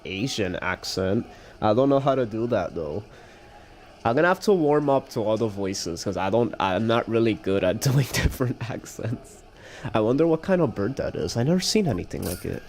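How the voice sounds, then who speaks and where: A man streaming a game playthrough live, chatting in an excitable, rambling way. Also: mid-range voice, a little hiss or hum.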